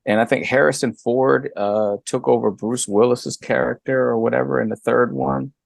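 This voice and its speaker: A middle-aged man and guest co-host chatting casually, animated, jumping high in pitch when he makes a point. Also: normal speed, gravelly, no echo, studio quality. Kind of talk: casual chat.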